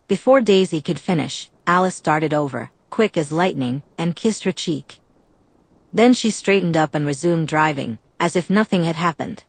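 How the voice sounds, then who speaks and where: A woman narrating a storybook audiobook in a steady, even reading. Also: sits low, moderate pace, gravelly, no room sound. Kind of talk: scripted narration.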